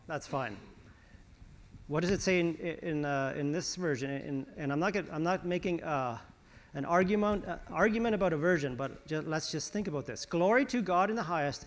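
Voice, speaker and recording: A man preaching a conversational sermon as pastor, with frequent restarts and some sarcasm. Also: fairly high pitch.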